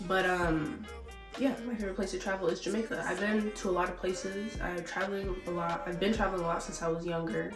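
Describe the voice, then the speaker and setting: A woman's voice: lowish voice, a little fast, far from the mic. A young woman vlogs in a loose, casual way, cursing freely and acting out both sides of old arguments. She sounds a little sick and short of breath. Her voice is a bit off-mic in a roomy space, with faint music behind her. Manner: animated, profane, acts out both sides of arguments. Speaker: vlogger. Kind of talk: casual storytelling vlog.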